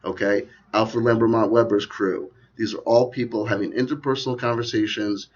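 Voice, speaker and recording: Here a video commentator rambles sardonically about conspiracies, throwing in plenty of asides. His fairly low voice is husky, with fairly even intonation at a moderate pace, and the recording is dull lo-fi.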